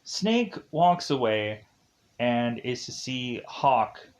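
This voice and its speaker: A man's voice: mid-range voice, sing-song, drawn-out words. A man recapping a movie plot in a casual, rambling way, full of "like" fillers. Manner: rambling, heavy use of "like". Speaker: film reviewer.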